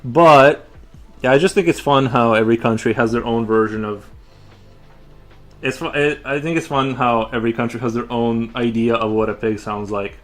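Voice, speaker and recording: Drawing in his home studio, a man chats casually on a live stream, rambling with lots of fillers and restarts. His voice is mid-range and a bit bright, at a moderate pace.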